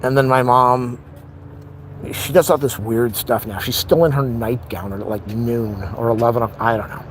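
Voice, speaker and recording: A man's voice: mid-range voice, steady tone, normal speed, slight background noise. A middle-aged man venting in a rambling, frustrated casual monologue on a live stream.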